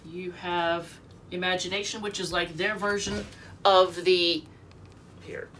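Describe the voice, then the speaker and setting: Woman tarot reader, unwell and short of breath, lowish voice, rambling chat, mic set back with faint hiss. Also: steady tone, slow, a bit bright, distant mic. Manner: rambling, chatty, reads card meanings aloud. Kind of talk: casual tarot reading. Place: home.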